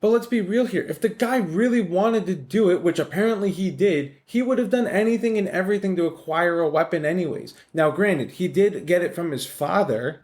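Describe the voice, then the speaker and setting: A male podcast host carries a one-man show with a voice pitched a little higher than most men's. He wanders from point to point, swearing casually and tossing off sarcastic asides. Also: darkish tone. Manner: rambling, profane, wisecracking. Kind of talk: casual solo podcast monologue.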